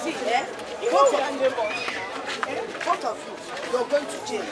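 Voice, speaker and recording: A woman's voice: high voice, big pitch swings, unhurried, heavy background noise. An actress playing a stern market woman who threatens debtors with jail. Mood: scolding. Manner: scolding, threatening. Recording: distant voice in a loud crowd.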